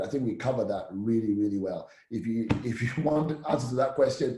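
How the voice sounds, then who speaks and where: A man coaching public speaking in a live-streamed teaching talk, energetic and emphatic, often checking in with the listener. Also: medium pitch, echoey room.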